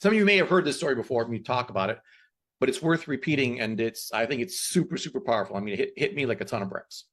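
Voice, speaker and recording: A man hosting a podcast who gives a motivational talk and tells stories in an emphatic, animated way. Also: mid-range voice, fast talker. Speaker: podcast host.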